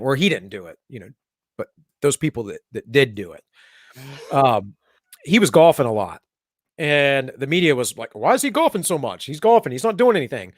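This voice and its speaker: A man's voice: medium pitch, no room sound, clean studio sound. A man co-hosting a live talk show, reading news headlines aloud and mocking them with sarcastic asides. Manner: sarcastic, mocking, slips into mock voices. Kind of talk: casual political banter, reading headlines aloud.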